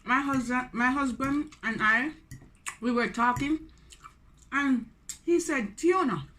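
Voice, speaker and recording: A Jamaican woman in her forties, a food vlogger, chats casually on a mukbang vlog and slips into Patois between English sentences. Her voice is high-pitched and she takes it slowly, with noise in the background.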